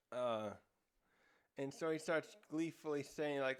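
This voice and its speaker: The speaker is a man whose voice sits a little high, clear and resonant. Acting as a review host, he gives a relaxed, rambling recap of a manga chapter, searching for words with many fillers and performing character lines in fast, raised voices.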